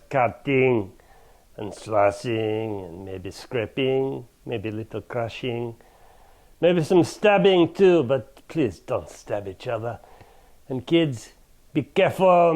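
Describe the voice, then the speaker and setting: A man playing an excitable French home chef with a French accent muddled by Australian, hosting a comic cooking lesson and tagging lines with "huh?". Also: medium pitch. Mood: playful. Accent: French mixed with Australian. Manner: theatrical, tags lines with "huh?" and "all right?". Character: excitable theatrical French home chef, male, middle-aged. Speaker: cooking show host.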